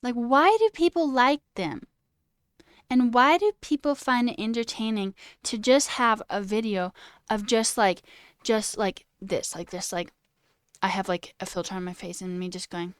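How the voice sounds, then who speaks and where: Her voice sits on the high side, smooth and at normal speed, in studio-quality audio without echo. She's a woman in her twenties who streams coding, reading chat and ranting animatedly, saying "like" constantly and swearing.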